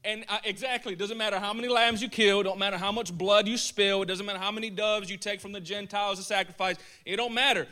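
High, bright-voiced preacher. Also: male voice, fast, few pauses. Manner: animated, colloquial, chuckles while preaching. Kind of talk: casual sermon.

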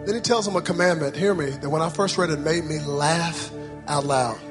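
A man preaching a sermon in a church, calling out to the congregation and rising into shouted, sing-song cadences. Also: fairly high pitch, moderate pace. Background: soft music.

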